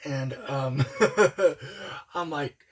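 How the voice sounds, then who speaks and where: With a breathy edge and drawn-out words, a medium-pitched young adult rambles through a personal story. The telling is candid and loose, packed with fillers like "um" and "like."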